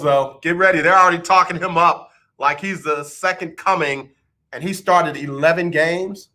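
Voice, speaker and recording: A man hosts a live radio show, chatting about sports in a bright, forward voice pitched a little high. He teases callers and listeners directly and keeps it loose and playful. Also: normal speed. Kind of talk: casual sports radio talk.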